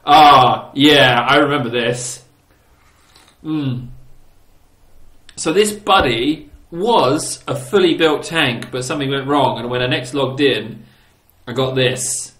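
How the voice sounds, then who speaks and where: A man's voice: medium pitch, takes it slowly, long pauses, fairly bright tone. A man hosting a casual gaming channel, giggling and teasing his old builds with playful exclamations. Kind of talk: casual gameplay commentary. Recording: roomy echo.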